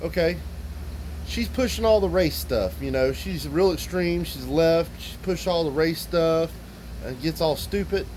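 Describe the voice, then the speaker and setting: A man's voice: on the high side, a little slow, a little mellow, slight background noise, low-quality recording. A man, speaking bluntly and profanely as he rants straight at his viewers. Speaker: vlogger. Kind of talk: casual ranting monologue to viewers.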